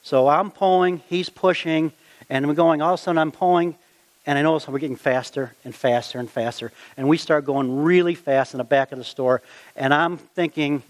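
A middle-aged man telling a personal anecdote in a folksy, animated way, acting out the quotes as he goes. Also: on the high side, fairly quick. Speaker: storyteller. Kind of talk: personal anecdote, told aloud.

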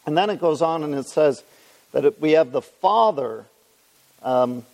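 A male preacher with a gravelly edge to his voice, working verse by verse through scripture for a live audience. He talks in a conversational way and puts questions to the room. His voice carries a long reverb tail, as in a large hall. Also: fairly high pitch, lively intonation, measured pace, a little mellow. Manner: conversational, reads scripture aloud, asks the congregation questions. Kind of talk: expository Bible teaching.

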